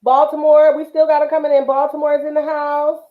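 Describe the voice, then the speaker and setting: A woman's voice: high-pitched, level tone, a little fast. A woman from the Bay Area hosting a craft livestream, talking casually and affectionately with lots of fillers. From Northern California, Bay Area. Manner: chatty, affectionate, many fillers. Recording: roomy, dull livestream audio.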